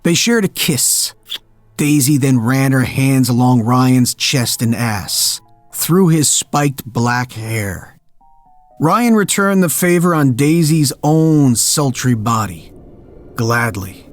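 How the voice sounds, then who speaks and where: A man narrating a scripted horror story in a measured, darkly dramatic way. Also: medium pitch, expressive, dry recording, faint music behind.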